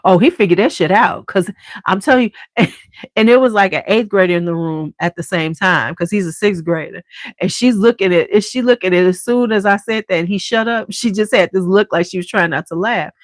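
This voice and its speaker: A woman's voice: mid-range voice, fairly quick, no echo. Casting: middle-aged woman vlogger, blunt and salty storyteller, close dry sound. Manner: blunt, profane, animated storyteller. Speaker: vlogger and school staff member. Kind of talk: casual storytelling chat.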